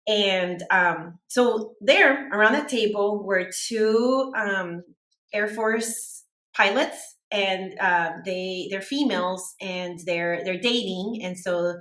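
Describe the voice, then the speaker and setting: A woman's voice: medium pitch, slow pace, a bit bright. Rambling storyteller woman in an echoey room. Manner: rambling, heavy use of "like". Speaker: podcast team member telling a story. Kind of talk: casual chat storytelling.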